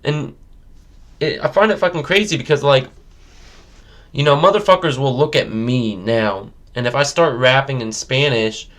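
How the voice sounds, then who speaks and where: A man's voice: mid-range voice, normal speed, a bit bright. A man from the United States, a rapper talking in a casual interview, emphatic and profane, with many "you know" fillers.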